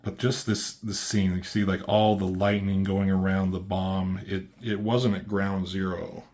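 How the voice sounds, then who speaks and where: A man giving a casual, excited comic book review, swearing freely as he walks through the pages. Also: low-pitched, measured pace. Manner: excited, loose, swears often.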